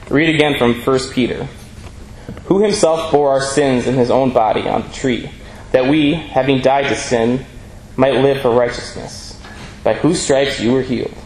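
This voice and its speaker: A man preaching a sermon in an earnest, measured way, reading scripture aloud between his points. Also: medium pitch, darkish tone. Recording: echoey room with faint ambient noise.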